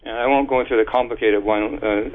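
A man explaining a theory as an interview guest, speaking haltingly with many restarts and spelled-out words. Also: mid-range voice, fairly even intonation, a little hiss or hum. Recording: tinny phone line.

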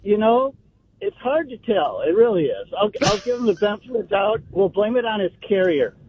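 A man's voice: sits high, big pitch swings, brisk, a little hiss or hum. A man calling into a radio show, joking dryly and speaking matter-of-factly. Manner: dry joking, matter-of-fact. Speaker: caller. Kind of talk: call-in radio chat. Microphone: telephone. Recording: tinny phone line.

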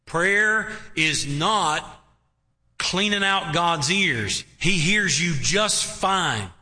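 Male pastor, bright and forceful, emphatic sermon delivery with drawn-out pauses, heard in an echoing hall. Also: sits high, lively intonation. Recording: long reverb of a large hall.

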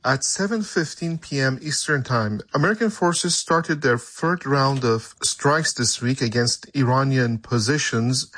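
A male correspondent in a news interview, explaining events in a measured way with some fillers and restarts. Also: medium pitch, fairly bright tone, husky, dry recording.

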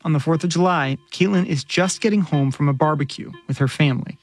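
A woman reporter narrating a radio news story in a measured, clear storytelling voice. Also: low voice, soft background music.

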